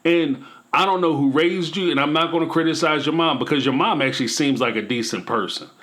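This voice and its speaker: A man's voice: fairly high pitch, brisk, a bit bright. A man hosting a commentary channel, talking emphatically and preachily in a casual vlog style, with playful asides.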